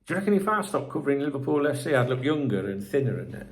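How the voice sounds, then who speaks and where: A man's voice: medium pitch, sing-song, very fast. A middle-aged man hosting a football channel, ranting in a sweary, exasperated, rambling sign-off to viewers.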